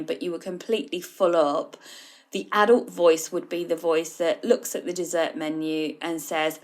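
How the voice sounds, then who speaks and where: A woman hosting a solo podcast, explaining in a conversational way and addressing the listener directly. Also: fairly low pitch. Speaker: podcast host, food coach.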